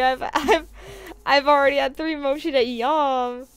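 Young woman, high voice, casual stream chat, giggly, keyboard clacking. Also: normal speed. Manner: giggly, excitable, talks to chat. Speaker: game streamer.

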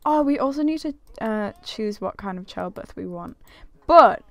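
A woman's voice: mid-range voice, expressive, normal speed, no room sound. A young woman giving casual, giggly commentary over a life-simulation game she plays, gasping and exclaiming often. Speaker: gaming video creator. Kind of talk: casual let's-play commentary.

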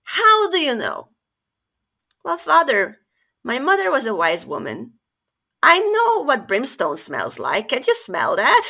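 A stubborn middle princess from a storybook, put on by a woman narrator. Her voice jumps high and loud, full of scorn, and carries a bright, sharp tone. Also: huge pitch swings, a little slow, creaky, exaggerated voice. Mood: scornful. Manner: shrill, scornful shouting.

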